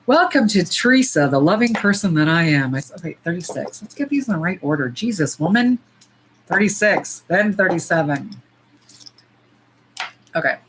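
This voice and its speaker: A middle-aged woman hosting a casual livestream. She talks bluntly with plenty of swearing and sometimes breaks into loud squeals. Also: lowish voice, moderate pace, slight background noise, poor audio. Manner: blunt, profane and animated, jumping to loud squeals. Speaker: nail polish livestream host. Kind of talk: casual livestream chat while swatching.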